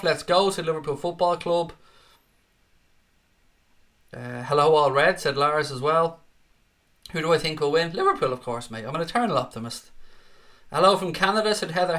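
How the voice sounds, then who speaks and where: Young male fan-stream host with a fairly high, bright voice. Chatty, matey delivery. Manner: chatty and matey, often calls viewers "mate". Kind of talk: casual live-stream chat, reading viewer comments.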